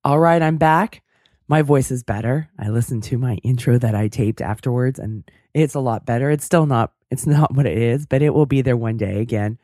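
A woman hosting a podcast with a hoarse, cracking voice, talking in an earnest, thoughtful way. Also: extremely low pitch, normal speed, dark tone, no echo, clean studio sound. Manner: earnest, thoughtful, self-deprecating. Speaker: podcast host. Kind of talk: casual interview chat and solo reflection.

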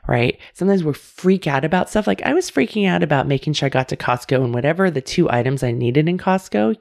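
A woman's voice: extremely low pitch, vocal fry, darkish tone. A middle-aged woman hosting a self-help podcast, talking casually and candidly straight to her listeners. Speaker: podcast host.

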